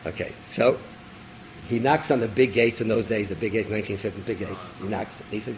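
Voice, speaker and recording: A rabbi telling a story in a sermon, animated, acting out voices and dropping in Hebrew terms. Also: male voice, fairly low pitch, fairly quick, noisy background. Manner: animated storyteller, acts out characters, laughs; sprinkles Hebrew and Yiddish terms.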